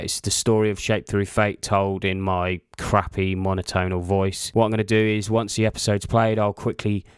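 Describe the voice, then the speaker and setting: A man's voice: lowish voice, clear, resonant tone, no echo, clean studio sound. A man in his thirties hosting a solo podcast, rambling in a casual, sweary and self-deprecating way. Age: 30s. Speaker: podcast host. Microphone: podcast microphone.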